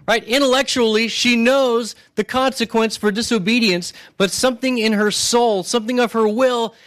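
A man's voice: very high voice, steady tone, moderate pace, fairly bright tone. A male pastor preaching a sermon in a conversational way, retelling scripture stories and often checking in with the congregation. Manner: conversational, keeps checking in with "right?"; retells stories with restarts and acted asides.

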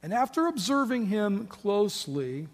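A middle-aged male pastor with a high voice preaches in a sermon that feels more like a conversation, full of rhetorical questions and folksy asides. His words ring out with a long reverb, as if from a big church sanctuary. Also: sing-song, unhurried. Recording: long reverb of a large hall.

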